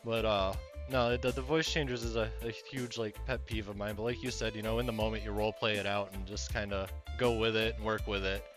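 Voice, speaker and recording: Low-voiced man on a casual podcast. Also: a little fast, few pauses, over music. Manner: relaxed, rambling, many fillers. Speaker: podcast co-host. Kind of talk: casual chat.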